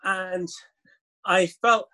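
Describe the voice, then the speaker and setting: A man, a guest author telling stories in an interview, animated and laughing often. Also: high voice, extremely slow. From Leeds, England. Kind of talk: interview conversation.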